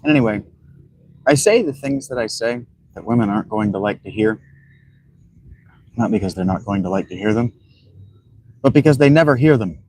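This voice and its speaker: A man's voice: fairly low pitch, lively intonation, normal speed, long pauses, warm tone, a little hiss or hum, poor audio. A man giving blunt, rambling commentary while he plays a video game. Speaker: gaming streamer. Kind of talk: casual commentary while playing.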